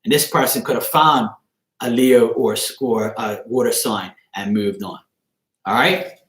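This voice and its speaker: A man's voice: mid-range voice, measured pace, background noise. Blunt, rambling man in an echoey room. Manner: loose, blunt and crude, rambling with "you know what I'm saying". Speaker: tarot reader on a live stream. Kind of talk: casual live-stream reading.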